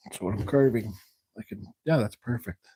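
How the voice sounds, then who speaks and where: A man's voice: lowish voice, moderate pace, dark tone, husky, no room sound. A man hosting a live carving stream, rambling casually as he works and answers viewers. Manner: rambling, thinks aloud while working; reads viewer questions aloud. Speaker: woodcarving livestream host. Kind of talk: casual live demonstration chat.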